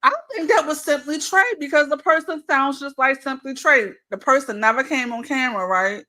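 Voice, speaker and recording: A woman with a Baltimore accent chats loosely with friends, reminiscing and pausing on fillers as she gathers her thoughts. Her voice sits fairly high. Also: sharp tone. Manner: chatty, reminiscing, trails off with fillers. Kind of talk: casual group chat.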